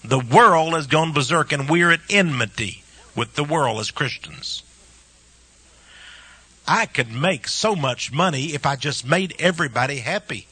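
Fiery preacher man, bright husky voice. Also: high voice, dry recording. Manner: impassioned, rhetorical questions, swings from loud peaks to hushed asides. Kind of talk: fiery sermon.

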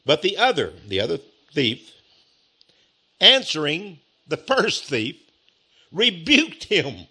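Male preacher, high bright voice, slow emphatic sermon delivery with repetition. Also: huge pitch swings, breathy edge. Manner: emphatic, repeats key phrases, reads scripture slowly.

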